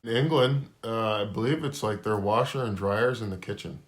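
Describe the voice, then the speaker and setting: Laid-back low-voiced man. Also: normal speed. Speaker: podcast co-host. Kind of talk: casual chat. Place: garage.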